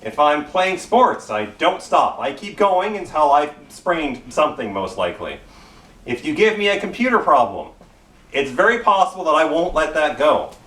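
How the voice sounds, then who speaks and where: A man's voice: fairly high pitch, very animated, moderate pace, pushed and bright, distant mic. A middle-aged man with a Canadian accent, preaching a casual sermon full of self-deprecating personal stories. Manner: self-deprecating, storytelling, repeats phrases. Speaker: pastor. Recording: roomy church sound from off-mic.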